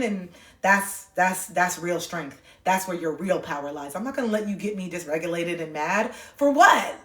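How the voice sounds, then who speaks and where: A woman's voice: mid-range voice, reverberant. A woman speaking earnestly and from the heart on a phone livestream, swearing casually as she talks. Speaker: livestream host. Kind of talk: candid livestream monologue.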